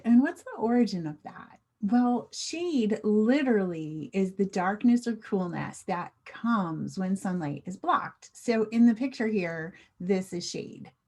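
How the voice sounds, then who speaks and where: An American woman teaches a slang lesson at an unhurried pace. Her pitch sits in the middle range. She explains carefully and keeps asking the viewer to guess and repeat. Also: darkish tone. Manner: slow, clear teacher talk with questions to the viewer. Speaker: English teacher.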